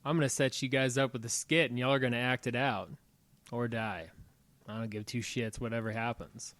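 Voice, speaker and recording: A man's voice: medium pitch, fairly even intonation, a little fast, a bit bright, dry recording. A man co-hosting a podcast, telling stories with frequent laughs and casual swearing. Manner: laughing, profane storytelling. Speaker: podcast co-host running a game. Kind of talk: casual chat.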